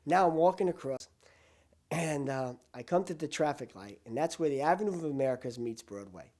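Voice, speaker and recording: An older man recounting his past in a documentary interview, swinging between loud, emotional bursts and hushed asides. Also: fairly high pitch, animated, brisk.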